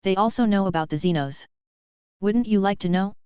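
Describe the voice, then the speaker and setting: A woman's voice: medium pitch, brisk, mellow, clean tone, dry recording, dull audio, close to an everyday voice. A woman voicing a confident young man who leads his group, speaking bluntly and in a businesslike way.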